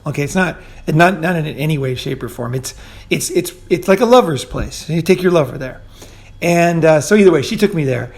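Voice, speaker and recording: A man with a gravelly edge and a slightly higher pitch than most men, talking off the cuff. He rambles through anecdotes with frequent fillers, swearing casually and chuckling at his own stories. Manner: rambling, loose, with many fillers and asides. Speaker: podcast host. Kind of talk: casual storytelling monologue.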